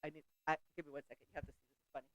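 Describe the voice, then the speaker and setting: A middle-aged woman hosts a faith talk show, preaching in a chatty, conversational manner and frequently breaking off to laugh or restart a thought. Her voice is deep and fairly flat in pitch, and she races along. The audio is poor, with no room sound.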